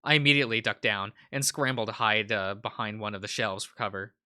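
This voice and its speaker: A man's voice: fairly low pitch, fairly quick, sharp tone, clear, resonant tone. A man hosting a let's play, reading a visual novel aloud in a casual way with fillers.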